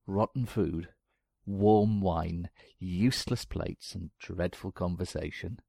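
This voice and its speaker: Male narrator, very deep voice, gravelly, dry wry reading, close dead-sounding recording. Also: a little mellow, no echo. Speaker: storyteller. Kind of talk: scripted narration.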